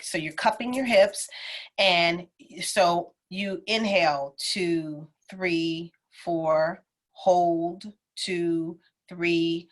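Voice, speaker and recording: A woman's voice: medium pitch, pushed and bright. A woman and healer leading a guided breathing exercise. She counts each breath aloud and keeps checking in with a casual, chatty "okay?". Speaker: intuitive healer.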